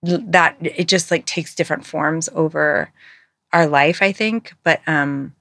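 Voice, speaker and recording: A woman's voice: sits low, unhurried, gravelly, fairly bright tone, no room sound, studio quality. A woman being interviewed, speaking earnestly and reflectively, searching for words with many fillers and restarts. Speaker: guest, author and musician.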